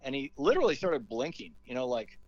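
A man's voice: mid-range voice, sing-song, quick pace, no room sound, highs cut off. A man, a talk radio host, telling a story in a casual interview and acting out the quotes.

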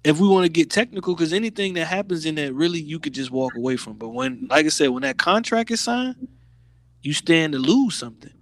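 A man co-hosting a podcast, talking in a slangy, animated way with lots of restarts. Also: fairly high pitch, a little fast. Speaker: podcast co-host. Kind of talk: casual chat.

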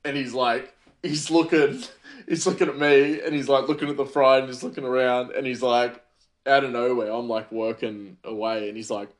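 A man's voice: medium pitch, fairly even intonation, normal speed. A man hosting a podcast, telling stories in a chatty, rambling way full of fillers. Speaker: podcast host. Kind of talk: casual storytelling.

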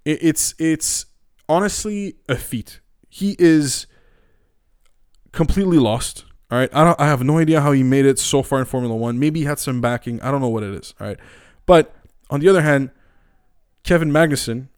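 A man's voice: on the high side, moderate pace, clear, resonant tone, dry recording, clean studio sound. A young man hosting casual commentary, rambling, opinionated and profane. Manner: rambling, profane, many fillers and restarts; opinionated and animated. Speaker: podcast host.

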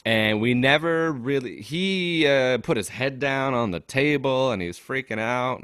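A man's voice: lowish voice, smooth, dry recording, clean studio sound. A young man casually telling a story on a podcast, laughing often and acting out what others said. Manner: animated storytelling, laughs often, quotes people. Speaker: podcast co-host.

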